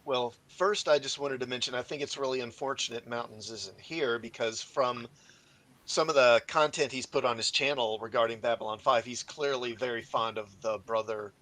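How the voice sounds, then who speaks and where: A man on a casual livestream panel, speaking in a measured, thoughtful way. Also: mid-range voice, fairly even intonation, sharp tone, poor audio.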